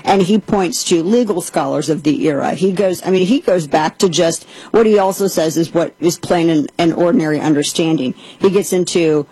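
A woman's voice: on the low side, moderate pace, few pauses, dark tone, breathy edge, no echo, poor audio. A woman hosting a talk show, reading quotes at length and giving indignant commentary. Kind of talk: opinion commentary and host-read ad.

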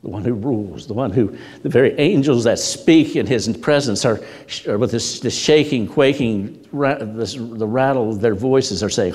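A man's voice: mid-range voice, moderate pace, hardly any pauses, darkish tone. A man preaching a sermon as a pastor, telling stories with energy and repeating words for emphasis. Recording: long hall reverb.

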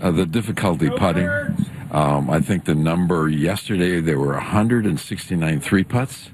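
Very deep-voiced halting man. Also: darkish tone, slight background noise. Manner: halting, modest, fumbling. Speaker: golf broadcast guest. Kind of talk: casual interview answers.

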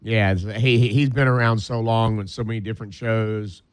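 A man co-hosting a sports radio show, chatty and quick to agree and joke. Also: lowish voice, steady tone, no echo. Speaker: radio co-host. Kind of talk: casual sports radio chat.

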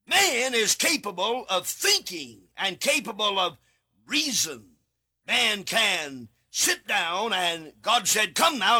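A man preaching a sermon alone in a studio, reading scripture and repeating key words with sudden shouted emphasis. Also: high voice, breathy edge.

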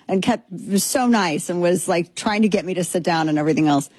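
Talking fairly quickly with hardly any pauses, this Texas woman in her thirties has a lowish, breathy-edged voice and no echo. She hosts a casual opinion show, animated and sarcastic, hammering points through repetition into a headphone microphone.

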